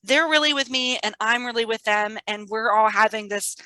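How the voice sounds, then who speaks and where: Bright, lively woman telling a story. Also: fairly high pitch, moderate pace, no echo, rough recording. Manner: animated storyteller, laughs often. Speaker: guest art and STEAM teacher. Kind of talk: casual interview chat.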